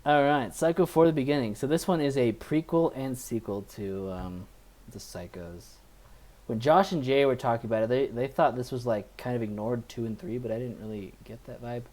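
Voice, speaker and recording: This male podcast co-host has a mid-range, darkish voice, lively intonation, and a normal speaking speed. He casually walks through a movie's plot for a review chat, meandering and leaning heavily on fillers.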